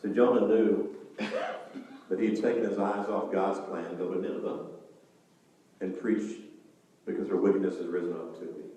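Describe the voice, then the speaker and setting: Animated preacher in an echoey hall. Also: male voice, low-pitched, far from the mic. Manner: animated preaching, dramatizing voices. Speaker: pastor. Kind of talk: sermon. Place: church sanctuary.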